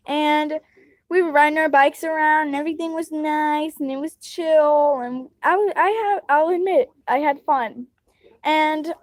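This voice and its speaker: A young woman with a high-pitched voice, recorded with no room sound, rambles through a personal story in a casual way. She retells the dialogue by acting out what other people said in their own voices.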